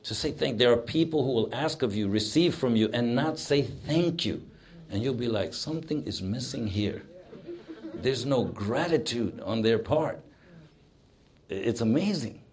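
A man delivering a sermon at a middle pitch. He moves from raised, emphatic exhortation down to quiet, prayerful murmurs. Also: animated, moderate pace. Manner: emphatic, swings between loud exhortation and hushed prayer. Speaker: preacher.

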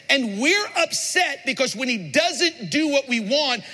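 A man's voice: extremely high pitch, very animated, a little slow, hardly any pauses, pushed and bright. A man preaching a sermon, telling stories animatedly and asking the congregation rhetorical questions. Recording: long reverb of a large hall.

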